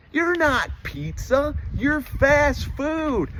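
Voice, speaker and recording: A young man from the United States delivering a comedic rant monologue, exasperated and animated, slipping into quick put-on voices for the people he mocks. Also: very high-pitched, slight background noise.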